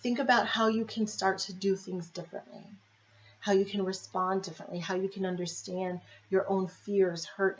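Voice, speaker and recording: A woman's voice: fairly low pitch, lo-fi sound, a little hiss or hum. A woman life and marriage coach talking to viewers, asking many reflective questions and often checking in with "right?". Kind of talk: coaching video monologue to viewers.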